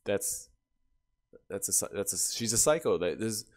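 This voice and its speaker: A man reading stories aloud and breaking off to react with loud, laughing, animated commentary. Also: on the low side, a little slow. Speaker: YouTuber reading Reddit stories.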